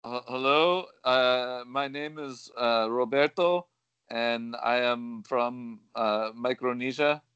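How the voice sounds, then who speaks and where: A man voicing a fawning male caller from a Pacific island, in a put-on foreign accent, halting with many "uh"s. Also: mid-range voice, steady tone, fairly bright tone, smooth, no echo, dull audio. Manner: hesitant, halting, full of "uh".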